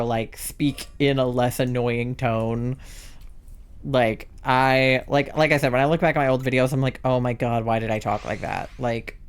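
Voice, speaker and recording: A young transmasc streamer in their twenties, chatting casually while gaming, rambling with lots of "like" and self-deprecating asides. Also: male voice, medium pitch, smooth.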